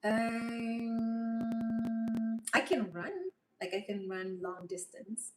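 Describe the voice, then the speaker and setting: A woman's voice: medium pitch, fairly even intonation, slow pace, a bit bright. A woman chatting on a livestream, rambling and emotional. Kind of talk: casual livestream chat reading comments. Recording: voice a bit far from mic, faint noise.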